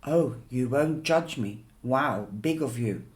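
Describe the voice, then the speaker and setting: A man's voice: medium pitch, expressive, takes it slowly. Snappish teen girl, read by a man. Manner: snappish, sarcastic retorts. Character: sharp, defensive teenage girl. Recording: roomy echo.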